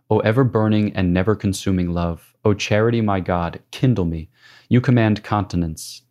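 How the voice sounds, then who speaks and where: A man with a very low voice reads a devotional classic aloud in a measured, prayerful way. He delivers it as a steady scripted reading. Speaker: reader.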